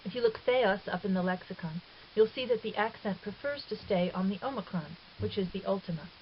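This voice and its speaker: A woman talks through a grammar lesson patiently and step by step, sometimes stopping to correct herself. Her voice sits at an everyday pitch. The recording is dull and lo-fi, with a faint hiss underneath. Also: a little fast. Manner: patient, methodical, with fillers and self-corrections. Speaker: Greek teacher. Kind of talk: recorded lecture explanation.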